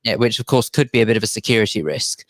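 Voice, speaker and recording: A man's voice: on the low side, expressive, quick pace, no room sound. A man co-hosting a radio show, with dry, sardonic humour in casual banter. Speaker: radio co-host. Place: radio studio. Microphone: studio microphone.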